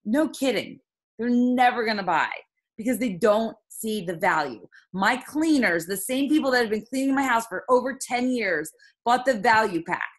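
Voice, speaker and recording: A woman with a fairly high voice coaches her sales team on a call. She talks with fired-up emphasis and fires off rhetorical questions. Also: expressive, moderate pace.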